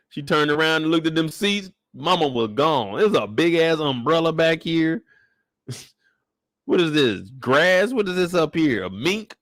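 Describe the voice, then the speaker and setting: Animated man ranting on a live after-show. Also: on the high side, a little slow, dry recording, clean studio sound. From Kansas City, US. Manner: animated, profane, laughing, rants loudly at characters. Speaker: show host.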